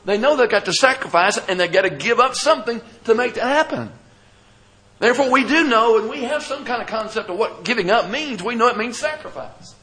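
A man's voice: extremely high pitch, a little fast, pushed and bright, low-quality recording. A man, the pastor, preaching a sermon, reading scripture aloud and asking the congregation questions he then answers.

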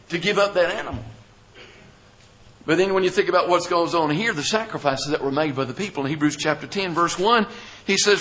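A man's voice: high voice, a bit bright, rough recording. A man, the pastor, preaching a sermon, reading scripture aloud and asking the congregation questions he then answers.

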